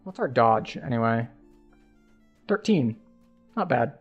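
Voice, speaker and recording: A man's voice: mid-range voice, very animated, slow pace, breathy edge, highs cut off, faint music behind. A man streaming a game, casually thinking aloud as he plays. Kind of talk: casual gameplay commentary.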